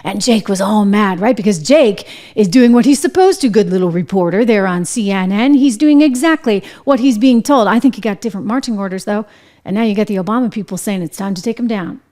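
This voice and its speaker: A woman's voice: medium pitch, brisk, dark tone. A woman hosting a political commentary show, talking to camera with sarcastic, indignant rhetorical questions.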